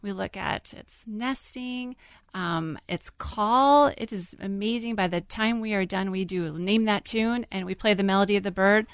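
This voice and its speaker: A woman's voice: mid-range voice, a little slow, few pauses, clear, resonant tone, dry recording, clean studio sound. A woman kindergarten teacher explaining her classroom in an earnest, careful way during a radio interview.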